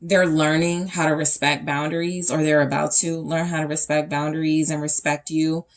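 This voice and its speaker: A young woman with a low voice reads tarot cards for her viewers in a loose, chatty way. She thinks out loud, often restarting her sentences and filling pauses as she turns each card over. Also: level tone. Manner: casual, thinking aloud with fillers and restarts. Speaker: tarot reader. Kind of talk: pick-a-card tarot reading.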